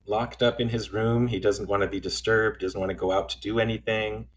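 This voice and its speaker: Man, low voice, podcast co-host, thoughtful, halting, restarts sentences. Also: little pitch movement, slight background noise. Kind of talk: casual film discussion.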